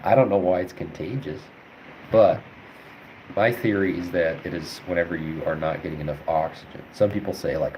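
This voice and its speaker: Deep-voiced young man thinking aloud. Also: moderate pace, a little mellow, a little hiss or hum, low-quality recording. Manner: rambling, thinks aloud with many fillers. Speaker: veterinary student streamer. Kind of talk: casual study livestream, answering chat.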